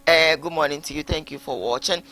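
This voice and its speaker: A man's voice: a little high, brisk. A Ghanaian man hosting a live talk show, reading out viewer messages and mixing English with Twi. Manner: animated, switching between English and Twi. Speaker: host. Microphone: live-streamed talk show.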